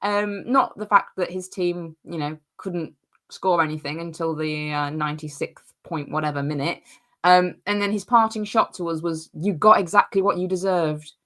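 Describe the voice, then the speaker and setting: Lower-voiced woman, amused co-host. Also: moderate pace, a bit bright. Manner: laughing, amused storytelling. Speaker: podcast co-host. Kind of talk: casual fan podcast chat.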